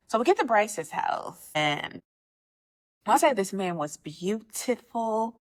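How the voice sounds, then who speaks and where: A young woman casually telling a story about her dating life, animated and slangy, acting out both sides of the conversations. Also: normal speed. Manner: animated, slangy, jumps pitch when quoting people.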